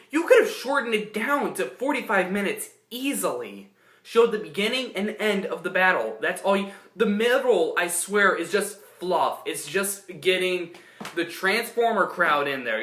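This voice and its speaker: A man's voice: high-pitched, lively intonation, moderate pace, sharp tone. A young man giving a casual spoken film review, rambling with many restarts and fillers. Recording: echoey room.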